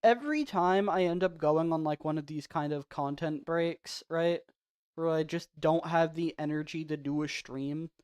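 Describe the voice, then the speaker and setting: A man's voice: on the high side, clear, resonant tone, no echo. Rambling, self-mocking male game streamer. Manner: soft-spoken off stream. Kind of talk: casual livestream chat.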